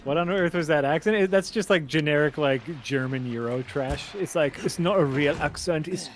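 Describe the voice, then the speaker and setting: A man's voice: fairly high pitch, normal speed, a little hiss or hum. A man co-hosting a game stream in casual chat, joking and laughing often. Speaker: co-host watching a game stream.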